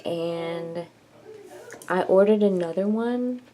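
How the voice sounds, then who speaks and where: A woman's voice: medium pitch, lively intonation, takes it slowly, warm tone. A woman vlogging in a casual chat, rambling and self-mocking as she tinkers and jokes.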